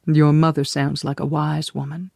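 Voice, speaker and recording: Narrator doing a kindly boarding-house keeper, soft, confiding, low-key, dry close sound. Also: flat delivery, normal speed, gravelly, dry recording. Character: kindly woman who keeps a boarding house.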